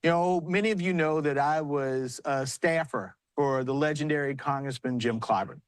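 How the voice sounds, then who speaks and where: Southern man as party chair on a remote news hit: high-pitched, dry close mic, earnest storytelling that builds to rousing remarks. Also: normal speed, smooth, no room sound. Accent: South Carolina. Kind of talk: live remarks on news broadcast. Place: large arena with commotion.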